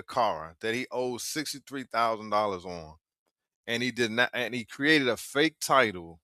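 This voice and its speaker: A man's voice: mid-range voice, expressive, measured pace, sharp tone, no room sound, studio quality. A man hosting, reacting to clips in a casual way with short exclamations and warnings to his viewers.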